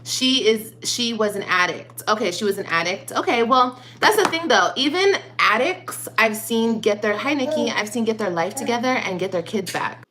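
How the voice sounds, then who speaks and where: A woman's voice: fairly high pitch, lively intonation, normal speed, few pauses, a bit bright, a little hiss or hum, poor audio. A woman ranting on a livestream, mocking and profane, sometimes faking crying. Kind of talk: livestream rant.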